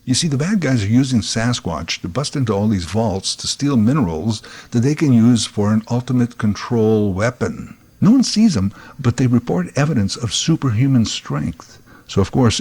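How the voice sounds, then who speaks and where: A man's voice: medium pitch, sing-song, normal speed, darkish tone, husky. A man hosting a podcast, telling a comic story in a wry, sarcastic way and making his own sound effects. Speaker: podcast host. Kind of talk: scripted comic monologue.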